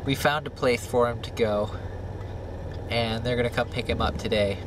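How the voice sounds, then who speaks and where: An earnest young man speaks to his camera in a casual vlog, at a middle pitch. His sentences come in short, halting bits with ums and uhs. A loud wash of outdoor noise sits under his voice. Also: steady tone, far from the mic. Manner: earnest, talks in short halting phrases with fillers. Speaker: vlogger.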